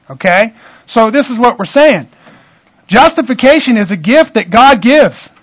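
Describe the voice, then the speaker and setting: A male pastor with a fairly high voice delivers an expository sermon. He keeps checking in with his listeners and restates each point to make it stick. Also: fairly bright tone, low-quality recording. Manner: checks in with the congregation often.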